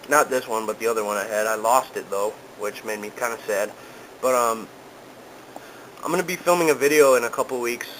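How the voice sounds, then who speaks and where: A man's voice: mid-range voice, a bit bright, slight background noise, low-quality recording. A young man casually talking to camera in a vlog, easygoing and rambling with lots of ums and uhs. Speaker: vlogger. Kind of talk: casual product talk to camera.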